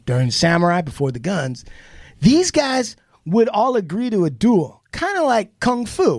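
Guy on a podcast spinning a yarn, high voice swinging all over, swears a lot, dry close sound. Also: dry recording. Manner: animated, swears freely, acts out quotes. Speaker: podcast co-host. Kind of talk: casual storytelling among friends.

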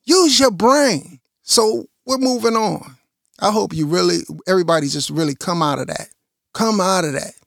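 A man's voice: sits high, normal speed, creaky, a bit bright, dry recording, clean studio sound. A middle-aged man, preaching a confrontational, repetitive monologue as a religious podcast host.

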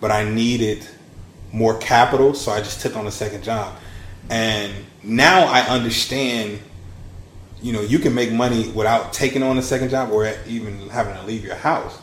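Guy in his 30s on a podcast, lively storyteller, acts out the quotes, echoey room. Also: moderate pace, a little hiss or hum. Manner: animated storyteller, acts out quotes with big pitch swings. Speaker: podcast guest, launch strategist. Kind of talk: casual storytelling interview.

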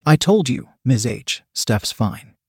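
A man's voice: medium pitch, very animated, takes it slowly, husky, dry recording, studio quality, exaggerated voice. A man voicing an easygoing teenage boy who answers in an offhand, good-natured way.

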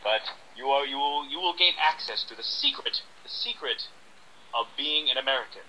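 A man's voice: medium pitch, animated, pushed and bright, slight background noise, poor audio. A man playing a pompous, scamming acting coach in an improvised radio sketch, smug and lecturing. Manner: smug, lecturing, drawn-out emphasis.

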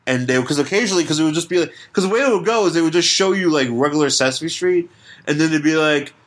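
A man's voice: fairly high pitch, fast talker. A man from Buffalo co-hosting a comics podcast, chatting casually and rambling with many restarts and laughs. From Buffalo, New York. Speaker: podcast co-host. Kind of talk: casual chat.

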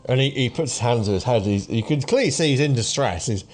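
A man in his thirties running a tabletop game as game master. He rambles and restarts often, his pitch rising and falling in a lively way, with faint music in the background. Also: fast. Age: 30s. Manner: rambling, many fillers and restarts.

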